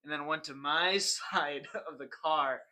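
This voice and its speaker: A man's voice: a little high, measured pace, sharp tone. A young man co-hosting a podcast who tells a story in a rambling, laughing way and often starts sentences over. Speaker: podcast co-host. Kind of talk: casual storytelling chat.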